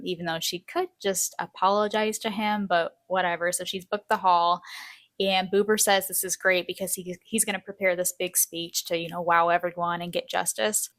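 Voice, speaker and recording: A woman's voice: fairly low pitch, steady tone, moderate pace, a bit bright, dry recording. A woman recapping a TV show in a chatty, casual way, acting out quotes as she goes. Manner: chatty, acts out quotes, frequent "like". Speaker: video essay host.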